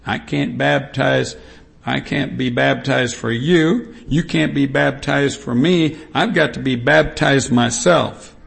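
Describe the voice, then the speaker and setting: A man preaching a sermon, reading scripture aloud and stressing points slowly and emphatically with repetition. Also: mid-range voice, creaky.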